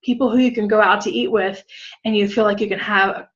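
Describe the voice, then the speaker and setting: A woman's voice: medium pitch, fairly even intonation, fast talker, muffled recording. A woman in her thirties, a pastor giving a frank conference breakout talk, often checking in with "all right?" and "okay?".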